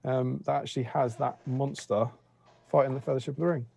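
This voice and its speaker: Gravelly man, mellow tone, rambling casual streamer co-host on a video call. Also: medium pitch, steady tone, brisk, no room sound. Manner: chatty, rambling with fillers. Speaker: co-host of a tabletop wargame stream. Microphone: remote video call.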